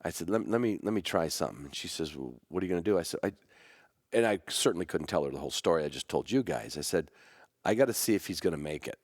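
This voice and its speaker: A man with a low, deep voice tells a personal story about his dog on a podcast. He rambles and restarts, and his voice lifts when he is moved. The sound is dry and close. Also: animated, no room sound. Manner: rambling, halting, with many restarts and fillers. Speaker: podcast host; hunting dog trainer.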